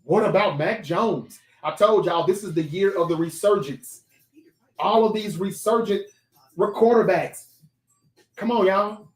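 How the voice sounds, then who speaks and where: A man hosting a casual sports talk livestream, chatty and animated, reading viewer comments aloud and talking straight to his chat. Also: high voice, unhurried, reverberant, recorded from a distance, poor audio.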